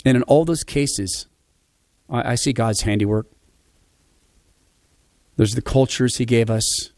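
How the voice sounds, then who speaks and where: An earnest man from Spokane reflects aloud on his life, telling personal stories with warm affection. His voice is pitched at an ordinary middle height for a man. It is recorded dry and close, with no room sound. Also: unhurried, no echo. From Spokane, USA. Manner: storytelling, acting out quoted voices.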